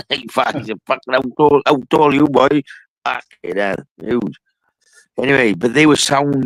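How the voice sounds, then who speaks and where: A low-voiced man with a gravelly, creaky edge tells a rambling story, swearing in almost every line. His voice sounds close and dry, with no room around it. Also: fairly bright tone, dry recording, poor audio. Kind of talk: casual chat.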